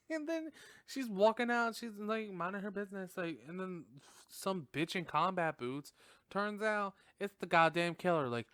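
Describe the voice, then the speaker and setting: A male podcast host giving a rambling, casual movie review, peppered with swearing and "like". His voice sits slightly high, and the recording is dry and close with no room sound. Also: no room sound. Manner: animated, profane, rambling with many fillers.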